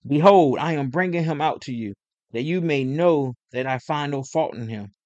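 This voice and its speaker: A man's voice: on the high side, normal speed, a little mellow, no room sound, dull audio, lightly acted. A man voicing a stern Roman governor. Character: stern Roman male governor, uneasy and pressing.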